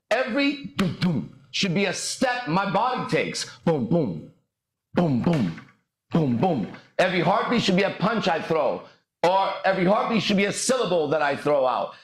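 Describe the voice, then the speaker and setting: Brash male podcast host, profane and swaggering, animated delivery in an echoey room. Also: high voice, moderate pace. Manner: swaggering, profane, bursts into shouted lyrics. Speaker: podcast host and dating coach. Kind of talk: motivational monologue.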